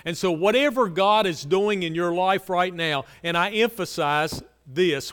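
A fairly high-voiced man preaching in a church sanctuary, his words ringing with a long reverb. His tone is smooth and resonant, and he repeats key phrases for emphasis before falling to quiet, low lines. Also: animated, a little slow, hardly any pauses. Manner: earnest preaching, repetitive emphasis, drops to soft low lines. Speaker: pastor. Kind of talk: sermon.

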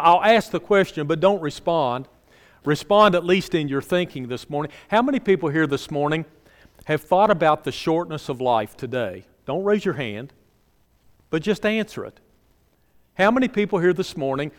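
Male pastor, fairly high, smooth clear voice, earnest and repetitive, church with long reverb. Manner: earnest preaching, repeats phrases for emphasis, drops low and soft at line ends. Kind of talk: sermon. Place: church sanctuary.

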